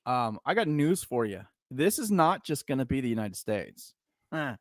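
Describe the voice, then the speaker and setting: A middle-aged veteran man hosting a casual podcast, ranting in a heated, profane, half-shouting way. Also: mid-range voice, big pitch swings, normal speed, dry recording.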